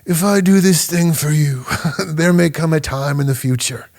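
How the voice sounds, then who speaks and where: A man voicing a powerful older male mob boss who speaks slowly and softly while granting a favor. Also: fairly high pitch, vocal fry. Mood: menacing calm.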